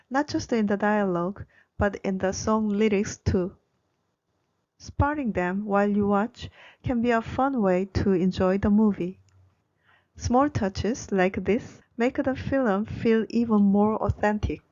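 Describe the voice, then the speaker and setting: A woman's voice: mid-range voice, a little slow, darkish tone, muffled recording. Woman narrating a culture explainer. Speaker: Korean language educator. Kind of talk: scripted narration.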